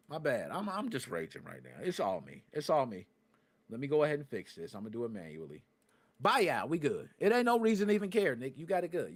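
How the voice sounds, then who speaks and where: A man hosting a live gaming podcast, talking casually to his chat with excitable bursts and rants and plenty of swearing. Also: medium pitch, slightly rough. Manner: talks to live chat viewers. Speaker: podcast host.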